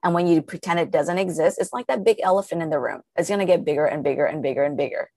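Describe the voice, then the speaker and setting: Earnest coaching woman, low dry voice. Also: fast talker, warm tone, no room sound. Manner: earnest, coaching, uses vivid examples. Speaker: guest, calm coach. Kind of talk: instructive podcast talk.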